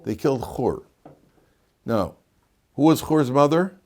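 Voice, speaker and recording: A middle-aged man lecturing a class as a rabbi, with an ordinary, mid-range voice. He tells stories with a lot of expression, swinging from quiet asides to loud, emphatic high points. He stops often to quiz his listeners. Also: slow pace. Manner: animated storyteller, swings between loud emphatic peaks and low asides, quizzes students.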